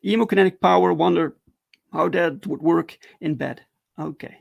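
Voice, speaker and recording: A man casually walking viewers through his own comic on a livestream, halting and repeating words, enthusiastic about the artwork. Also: a little high, vocal fry, lo-fi sound. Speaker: comic creator streaming.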